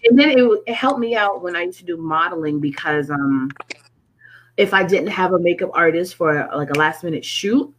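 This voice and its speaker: A woman from Connecticut, a guest in a casual chat, telling stories in an animated way and acting out what people said. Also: on the low side, moderate pace, slight background noise, poor audio. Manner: animated storyteller who acts out quotes.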